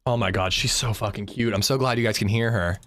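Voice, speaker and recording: A man streaming a game live, chatting casually with viewers, swearing freely and breaking into loud laughs. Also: lowish voice, fast. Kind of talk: casual livestream chat while gaming.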